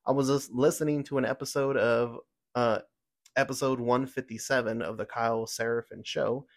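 A man's voice: mid-range voice, fairly even intonation, normal speed. Man ranting through a news podcast. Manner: heated, ranting, with many fillers and restarts. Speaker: podcast host. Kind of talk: opinionated news commentary.

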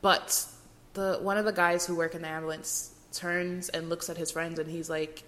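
A woman's voice: on the low side, little pitch movement, normal speed, a bit bright. A young woman hosting a podcast, telling her personal faith testimony in an earnest, emotional way with frequent restarts. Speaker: podcast host.

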